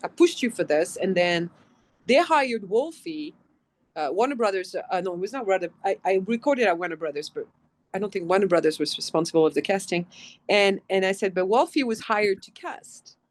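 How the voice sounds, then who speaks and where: A woman from France with a French accent, a voice actress telling animated stories in a casual interview and acting out the quotes. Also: medium pitch, normal speed. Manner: animated storytelling, acts out quotes, swears casually. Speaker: guest voice actress.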